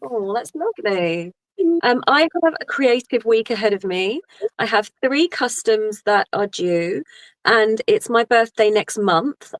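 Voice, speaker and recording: A woman's voice: fairly high pitch, no room sound, low-quality recording. Bubbly, chatty woman guest. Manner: bubbly, chatty, laughs easily. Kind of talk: casual interview chat.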